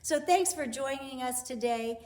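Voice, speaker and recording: A woman's voice: sits high, measured pace. Chatty woman teaching kids in an echoey room. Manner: gentle, chatty, talks to her pet doves. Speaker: park district program specialist. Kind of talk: educational talk for children.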